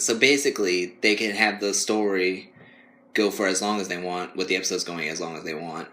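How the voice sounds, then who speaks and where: A man's voice: low-pitched, normal speed, pushed and bright. A young man co-hosting a podcast, rambling casually and laughing often as he mocks whiny voices. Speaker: podcast co-host. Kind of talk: casual chat.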